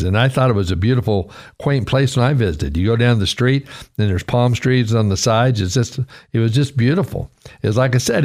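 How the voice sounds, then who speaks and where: A man preaching a radio sermon, earnest and conversational, his pitch rising sharply when he voices a quoted cry. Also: darkish tone. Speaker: radio pastor.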